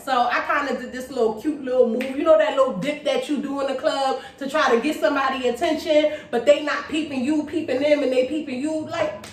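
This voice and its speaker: A woman co-hosting a couple's channel, telling a story in a playful, lively, slangy way. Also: high-pitched, fairly quick. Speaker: co-host. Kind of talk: casual storytelling. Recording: echoey room, far from the mic.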